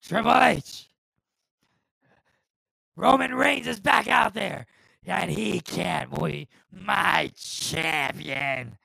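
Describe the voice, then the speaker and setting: A man doing an impression of a gruff, bossy older wrestling boss who shouts orders. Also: sits high, drawn-out words, pauses often, dry recording, full character voice, poor audio. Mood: bossy shouting. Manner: loud, growling, shouting orders.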